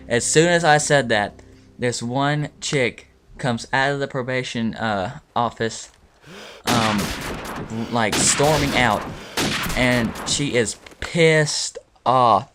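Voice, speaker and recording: Over gameplay, a man who narrates stories for gaming videos rambles casually, full of fillers and swearing. He has a mid-range voice and speaks slowly. Loud video game gunfire plays behind him, along with soft background music.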